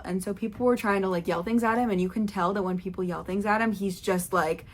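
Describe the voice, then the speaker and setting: Chatty young woman rambling excitedly. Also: medium pitch, brisk. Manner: rambling, excitable, lots of fillers and self-quotes. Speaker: vlogger. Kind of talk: chatty concert recap vlog.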